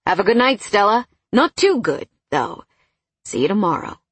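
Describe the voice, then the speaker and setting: A woman voicing a cocky, condescending male coworker who teases and smirks, in a storybook read with a husky voice. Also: high voice, sing-song, normal speed, a bit bright, no room sound, heavily acted. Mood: frank, flirty. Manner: teasing, know-it-all.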